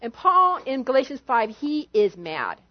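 A woman pastor preaching a sermon in an animated way, acting out quotes with sudden shifts in volume. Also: high-pitched, unhurried, lo-fi sound.

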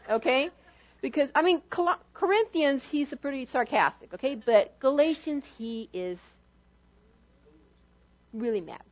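A woman pastor preaching a sermon in an animated way, acting out quotes with sudden shifts in volume. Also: high-pitched, highs cut off.

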